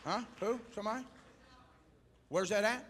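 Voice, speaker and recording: A male evangelist preaching fervently at a church altar call, shouting one moment and coaxing quietly the next as he calls back and forth with the congregation. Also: high voice, normal speed. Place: church service before a congregation.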